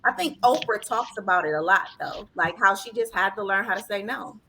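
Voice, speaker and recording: A woman's voice: mid-range voice, a little fast, pushed and bright, a little hiss or hum. A woman in a casual podcast discussion, thinking aloud and checking in with her listeners as she goes. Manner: reflective, checks in with "right?".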